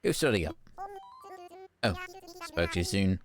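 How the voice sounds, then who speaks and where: A woman's voice: rumbling low, big pitch swings, measured pace, heavily acted. Woman doing a bubbly teasing female villager, peppy, faint game music.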